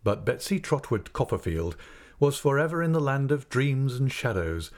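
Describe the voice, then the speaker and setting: For this audiobook, a man at medium pitch reads a classic novel from the script, his storytelling measured and full of expression.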